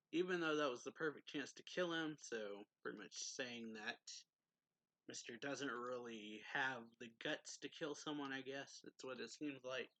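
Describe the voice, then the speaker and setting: A man's voice: medium pitch, bright, forceful tone, dry recording. A man recapping a manga chapter in a loose, chatty way, full of "like" and "um" as he retells each scene. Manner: loose and chatty, heavy use of "like" and "um", quick laughs. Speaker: manga reviewer. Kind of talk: casual plot recap review.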